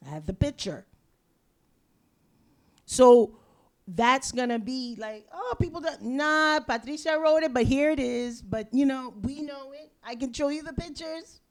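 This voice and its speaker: A woman from Panama speaking on a discussion panel. Her voice is fairly high and her delivery slow, with emphatic repeated phrases and frequent restarts. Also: animated.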